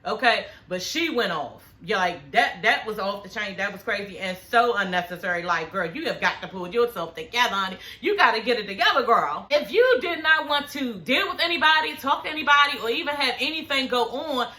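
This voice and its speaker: A woman, giving a sassy, profane, animated recap of a reality show in casual chat. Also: a little high, fairly quick, few pauses.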